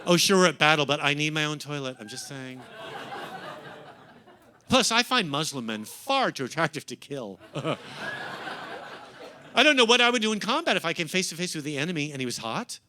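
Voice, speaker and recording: A man's voice: on the high side, very animated, moderate pace, pauses often, bright, forceful tone. A middle-aged American man doing stand-up in a comedy club, teasing the crowd in a camp, sardonic way. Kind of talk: stand-up set, crowd work.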